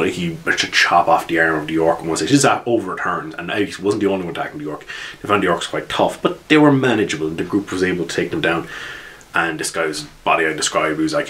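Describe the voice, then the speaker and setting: A man's voice: low-pitched, a bit bright. A man, recapping a tabletop game session as its game master in a rambling, casual way. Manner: rambling, with frequent restarts.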